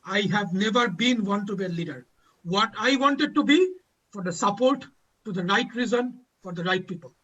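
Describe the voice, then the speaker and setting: Male panel host, high bright voice, emotional, dull lo-fi audio. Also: moderate pace, slightly rough. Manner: emotional, repeats lines for emphasis. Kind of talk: impassioned advocacy speech.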